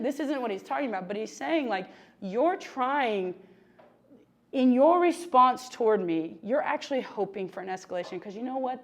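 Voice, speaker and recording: A woman preaching a conversational sermon, chatty and animated, with lots of fillers and asides to the congregation. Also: on the high side.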